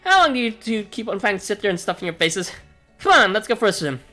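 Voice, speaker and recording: A woman's voice: medium pitch, sing-song, fast talker, pushed and bright, soft background music, pitched above the performer's own voice. A woman voicing an eager, upbeat young man coaxing his friends into games.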